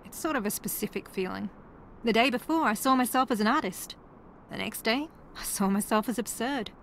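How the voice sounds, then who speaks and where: An actress voicing a wry, sarcastic female reality-TV contestant from New Zealand in a mystery video game, with a dry, teasing, deadpan delivery. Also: a little high, a little fast, a little hiss or hum.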